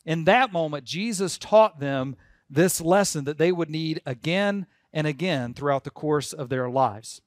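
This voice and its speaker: A man's voice: on the high side, no echo, clean studio sound. A man preaching a sermon as pastor, earnest and leading the congregation to repeat words aloud. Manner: earnest, leads congregation in call-and-response.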